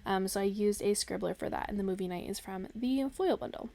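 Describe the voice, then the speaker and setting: A woman's voice: medium pitch, fairly quick, gravelly, dark tone. A young woman chatting casually through her planner spreads, bubbly and rambling with lots of fillers and laughs. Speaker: planner vlogger.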